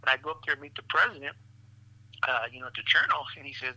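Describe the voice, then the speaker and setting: A man, a physician guest, telling stories in an animated, profane way, laughing often and calling the listener "man" and "brother". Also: medium pitch, fast, dry recording, rough recording. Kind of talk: animated storytelling in a podcast interview.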